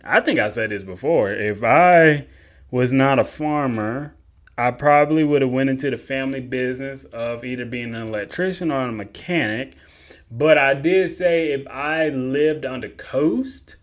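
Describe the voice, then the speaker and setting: A man's voice: medium pitch, moderate pace. A young man answers listener questions on his own show in a loose, easygoing way. He rambles and circles back to the same points. His voice sits in an ordinary middle register. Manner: relaxed, rambling, repeats himself. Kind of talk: casual Q&A podcast talk.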